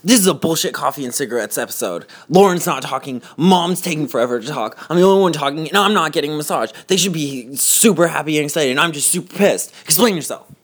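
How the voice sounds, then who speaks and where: A man hosts a casual, joking podcast from a cold house, sounding mock-outraged and theatrical and swearing often. His voice is a little high and animated, moving quickly with hardly any pauses.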